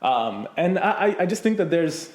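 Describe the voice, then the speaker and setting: A man's voice: on the high side, very animated, normal speed, a little mellow. A man hosting a casual podcast chat, rambling with lots of fillers as he thinks aloud. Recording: roomy echo.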